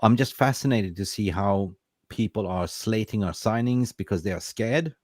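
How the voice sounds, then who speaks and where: Excitable man hosting football chat. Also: lowish voice, normal speed, no room sound, studio quality. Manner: excitable, swears freely, tag questions like "right?". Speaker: podcast host.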